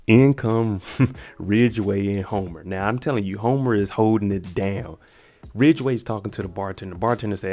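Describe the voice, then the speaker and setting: A man's voice: lowish voice, normal speed, soft background music. Man casually retelling a show's episode. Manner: animated retelling, acts out characters' lines. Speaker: show recap host. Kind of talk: casual spoken episode recap.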